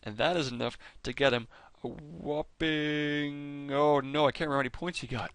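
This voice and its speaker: Man with gravelly fry, rambling. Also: a little high, fairly even intonation, normal speed, a bit bright, no room sound. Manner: enthusiastic, rambling, often restarts and corrects himself. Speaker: fan video host ranking characters. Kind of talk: casual rambling commentary over clips.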